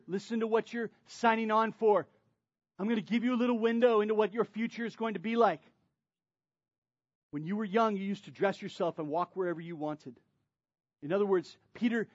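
A man preaching a sermon as pastor, moving between impassioned, emphatic preaching and soft, confiding asides. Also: sits high, no room sound, highs cut off.

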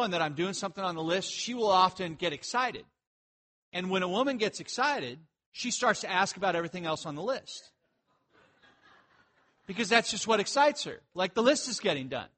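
A man preaching a sermon, telling jokey stories and breaking into animated outbursts. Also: high voice, moderate pace. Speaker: pastor.

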